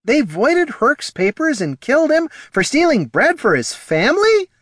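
Guy doing a high-voiced fussy little banker creature, formal and flustered, dry sound. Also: huge pitch swings, moderate pace, fairly bright tone, no echo, full character voice. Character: polite, guilt-stricken male scribkin banker.

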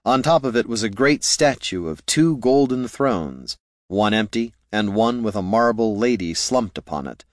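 A man's voice: lowish voice, expressive, moderate pace, no echo. A man reading fantasy fiction aloud in scripted audiobook narration, with a dry, wry delivery.

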